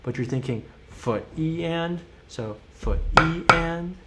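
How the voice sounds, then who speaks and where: A man's voice: on the high side, expressive, slow, heavy background noise. A man teaching a drum lesson, counting and singing rhythms aloud while he plays, patient and encouraging, often checking in with the viewer. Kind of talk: live-streamed drum lesson.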